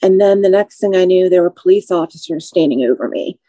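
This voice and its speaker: A woman in her forties, appearing as a podcast guest, shares a personal testimony in a warm, mellow, fairly low voice. She speaks slowly in measured, expressive phrases full of emotion. The sound is dry and close with no echo, though the audio is poor.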